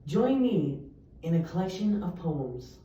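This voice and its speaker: A woman's voice: fairly low pitch, expressive, a little slow, mellow, a little hiss or hum. A young woman reciting poems earnestly, with emphatic delivery. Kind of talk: poetry recitation. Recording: echoey, distant, muffled room recording.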